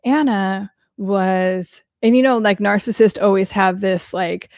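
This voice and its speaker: Frank woman with a gravelly voice. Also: mid-range voice, steady tone, measured pace, a little mellow, dry recording, studio quality. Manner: blunt, frank, heavy use of "like". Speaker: host and psychology coach. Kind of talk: casual live-stream Q&A.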